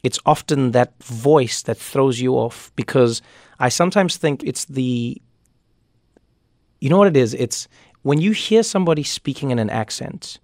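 A man, a comedian and author telling lively stories in a radio interview, often repeating words as he starts a thought. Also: mid-range voice, no echo, studio quality. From South Africa. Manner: animated storyteller, quick asides, repeats words when starting thoughts.

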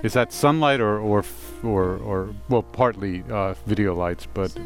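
A man interviewing musicians, halting and repeating himself, often laughing. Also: on the low side, faint music behind. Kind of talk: casual interview.

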